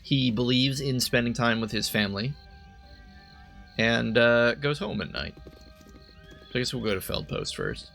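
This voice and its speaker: A man chatting loosely over his gameplay, thinking aloud and often correcting himself mid-sentence. His mid-range voice has a gravelly, fried texture. He sounds relaxed and unscripted. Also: medium pitch, measured pace, long pauses, soft background music. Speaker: let's play host. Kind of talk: casual gameplay commentary.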